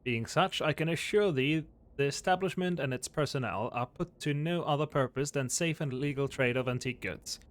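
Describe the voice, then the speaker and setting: A man's voice: on the high side, moderate pace, few pauses, close to an everyday voice. Man doing a pompous antique shopkeeper. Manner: pompous, wordy and archaic. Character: pompous formal male antique store proprietor. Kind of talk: voicing game dialogue.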